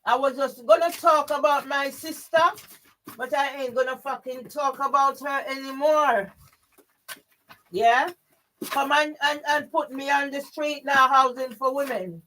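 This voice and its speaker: A woman's voice: high voice, bright, forceful tone. A woman talking straight to her own camera in an emotional vlog, agitated, swearing a lot and often tossing in a questioning "yeah?". She sounds sleepless and overwrought. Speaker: vlogger. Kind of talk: emotional personal vlog monologue.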